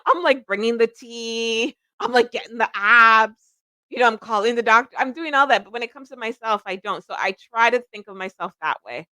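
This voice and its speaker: Middle-aged woman, higher voice, self-deprecating livestream host, dry close mic. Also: brisk, pushed and bright, no room sound. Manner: rambling, self-deprecating, laughs often. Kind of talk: casual livestream chat.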